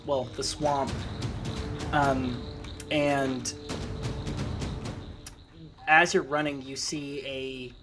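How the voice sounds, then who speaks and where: A game master narrating a tabletop fantasy game in a casual, rambling way. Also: medium pitch.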